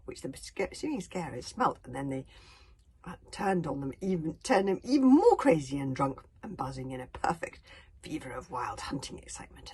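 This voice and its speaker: A woman reading a storybook aloud in a hushed whisper, breaking into chatty asides. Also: low-pitched, slight background noise. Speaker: narrator.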